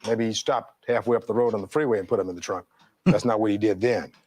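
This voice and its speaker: A man's voice: on the low side, steady tone, fast, a little mellow. A middle-aged man, a defense attorney giving a courtroom closing argument, reading testimony aloud and posing rhetorical questions in an oratorical way.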